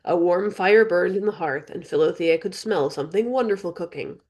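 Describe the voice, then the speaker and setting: A woman reading her own fantasy audiobook in an even storytelling narration. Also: lowish voice, moderate pace. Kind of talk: scripted narration.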